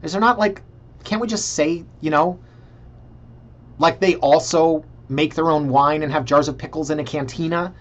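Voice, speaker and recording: A man's voice: fairly high pitch, normal speed, lo-fi sound. A Canadian man casually talking viewers through property listings in a chatty, sarcastic way. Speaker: real estate vlogger.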